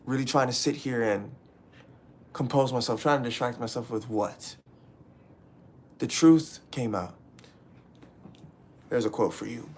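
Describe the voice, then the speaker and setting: A man's voice: medium pitch, lively intonation, unhurried, pauses often, darkish tone, slightly rough. Frustrated young man ranting to his chat. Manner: raw, profane, repetitive venting. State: upset and frustrated. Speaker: livestreamer. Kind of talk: emotional livestream rant to chat.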